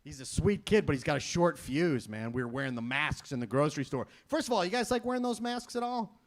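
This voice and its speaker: A man in his thirties performs a stand-up set for a benefit show. He pokes fun at himself and breaks into loud, put-on voices when quoting others. His voice rides slightly high and swings widely in pitch. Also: fairly quick. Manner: self-deprecating, animated, jumps into loud voices for quoted people. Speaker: stand-up comedian.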